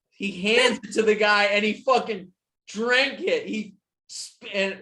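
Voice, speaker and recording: This podcast host's voice sits high, and his tone is sharp as he speaks at a measured pace. Chatting casually, he spins profane stories and plays his friends' parts as he quotes them.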